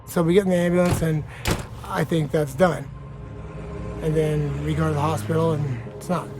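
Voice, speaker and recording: A man's voice: on the high side, steady tone, normal speed. A man, a fighter, telling a story in an interview in a blunt, profane way. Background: music bed.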